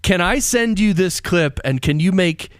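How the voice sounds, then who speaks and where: A man's voice: sits high, animated, moderate pace, clear, resonant tone, no echo, clean studio sound. A man hosting an interview podcast, talking casually and with enthusiasm, firing off rhetorical questions. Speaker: podcast host.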